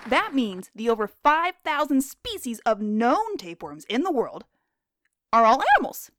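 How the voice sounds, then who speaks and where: A woman's voice: a little high, sing-song, moderate pace, a bit bright, dry recording, a faint crowd. A woman hosting a podcast, narrating scripted animal facts in a playful, jokey, self-deprecating way. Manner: jokey, self-deprecating, quizzes herself in a game-show bit. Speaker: podcast host.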